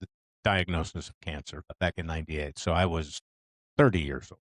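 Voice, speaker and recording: A man's voice: rumbling low, steady tone, normal speed, dry recording. A man in his fifties hosting a podcast interview, speaking earnestly and reflectively about his own experience. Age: 50s. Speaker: podcast host. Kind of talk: conversational interview.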